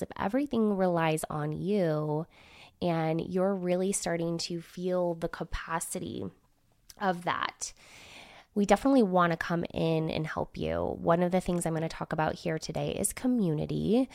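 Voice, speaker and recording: Her voice is fairly low, creaky, and mellow, made nasal and scratchy by a cold as she hosts her solo podcast. The business consultant and podcaster chats candidly, using filler words, in studio-quality audio without echo.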